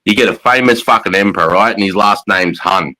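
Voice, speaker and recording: A man's voice: fairly low pitch, brisk, pushed and bright, no room sound. A man hosting a casual chat, bantering crudely with a lot of swearing. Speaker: host, army veteran.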